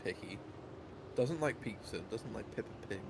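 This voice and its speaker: A man's voice: fairly low pitch, expressive, moderate pace, gravelly. A man in casual chat on a gaming stream, wry and talkative, laughing through his stories. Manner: chatty, wry, laughs while telling stories. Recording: noisy background.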